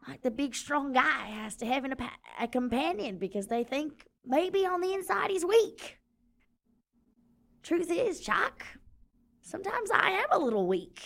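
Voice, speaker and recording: A woman's voice: high voice, lively intonation, unhurried, gravelly, exaggerated voice. A woman playing a brawny, tearful sailor man. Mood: tender. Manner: melodramatic, swings from indignant shouting to tearful mumbling. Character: big brawny male sailor, gruff but sensitive.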